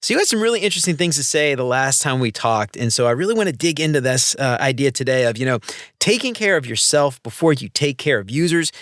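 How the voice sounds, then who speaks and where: A man's voice: mid-range voice, very animated, fast talker, fairly bright tone, dry recording, studio quality. A man hosting a casual podcast interview, talking enthusiastically and gushing about his guest. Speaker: podcast host.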